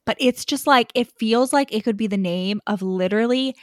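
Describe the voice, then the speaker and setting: A woman's voice: a little high, moderate pace, dry recording, studio quality. A woman co-hosting a podcast in casual chat, opinionated and swearing freely, going on tangents packed with "like". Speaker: podcast co-host. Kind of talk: casual book recap chat.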